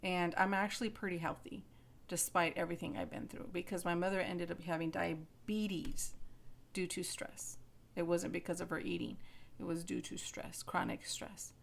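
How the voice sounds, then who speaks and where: A woman's voice: lowish voice, normal speed, creaky. A woman in her fifties chatting casually to her viewers, retelling a doctor visit and often repeating her words. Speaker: vlogger. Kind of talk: casual chat to camera.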